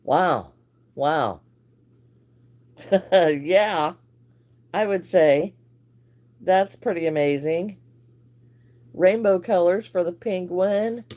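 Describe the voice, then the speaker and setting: A woman's voice: on the low side, very slow, long pauses, dark tone. A woman hosting a casual crochet livestream, chatting and greeting viewers by name with frequent laughs.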